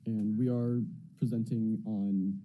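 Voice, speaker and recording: A man's voice: lowish voice, flat delivery, slow, narrow, tinny audio. A teenage boy giving a class presentation, reading carefully with some hesitation. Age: teens. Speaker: student presenter. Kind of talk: student presentation.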